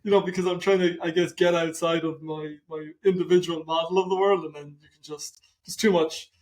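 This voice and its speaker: Higher-voiced Irish man thinking aloud. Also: steady tone, brisk, darkish tone. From Limerick, Ireland. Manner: thinks aloud, circling and self-questioning. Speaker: podcast guest, philosopher. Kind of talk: casual conversation.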